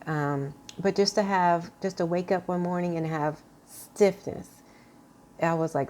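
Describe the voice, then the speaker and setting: A woman talking earnestly to her viewers in an unscripted personal vlog, halting, with many fillers and restarts. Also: low-pitched, steady tone, a little mellow, slight background noise. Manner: earnest, confiding tone. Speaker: vlogger sharing a health update.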